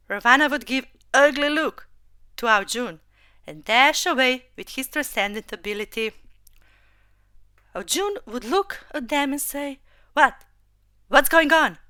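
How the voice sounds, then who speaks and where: Casual: lady reading a robot story nice and slow, bright clear voice, higher pitched. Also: no room sound. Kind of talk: storybook narration.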